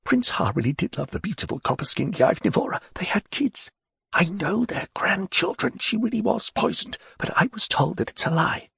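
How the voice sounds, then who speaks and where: A man's voice: high-pitched, very animated, moderate pace, vocal fry, a bit bright, breathy edge, no room sound, studio quality, voice pushed up, exaggerated voice. A man doing a frightened, bitter court poet. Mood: fervent whisper. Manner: anxious, quavering. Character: frightened, embittered middle-aged male court poet.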